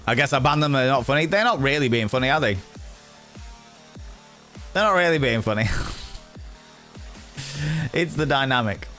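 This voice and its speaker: A man's voice: fairly low pitch, fairly bright tone. A man streaming and chatting casually with viewers, bubbly and swearing, repeating catchphrases.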